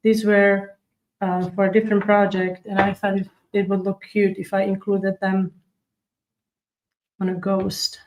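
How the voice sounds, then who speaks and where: A woman's voice: medium pitch, monotone, measured pace, background noise. Chatty woman hosting a live cookie tutorial. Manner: chatty, demonstrates step by step while reading viewer comments. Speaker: cookie decorating livestream host.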